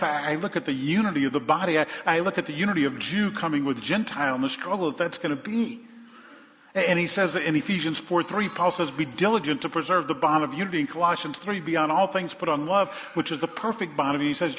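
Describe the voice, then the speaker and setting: Quick-paced and fairly bright in tone, this male pastor's voice sits on the high side as he asks rhetorical questions and builds to emphatic points. His sermon sounds dull in a long-reverb hall.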